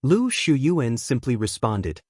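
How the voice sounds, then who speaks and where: A man narrates a martial-arts fantasy audiobook in a steady, even reading voice. His pitch sits right in the middle. The recording is dry and close, with no room sound at all. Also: takes it slowly, no room sound.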